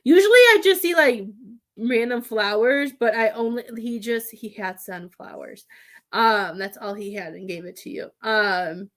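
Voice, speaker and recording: A woman giving a live psychic reading as a medium, talking in halting, rambling bursts with many restarts. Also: fairly high pitch, fairly bright tone.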